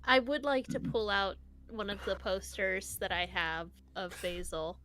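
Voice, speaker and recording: A woman's voice: medium pitch, fairly even intonation, measured pace, sharp tone, slight background noise. A woman playing a tabletop game, chatting playfully and in character. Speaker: player. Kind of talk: casual in-character play.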